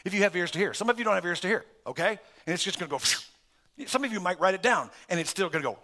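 Preaching a sermon, this middle-aged pastor speaks quickly in a high, expressive voice. He alternates booming emphasis with quiet asides and laughs his way through lists.

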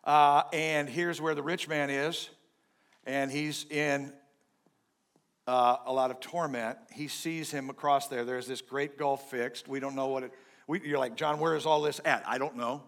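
Bright-voiced pastor joking in a sermon. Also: male voice, mid-range voice, steady tone, a little slow, smooth. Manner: joking, conversational, swings loud and soft.

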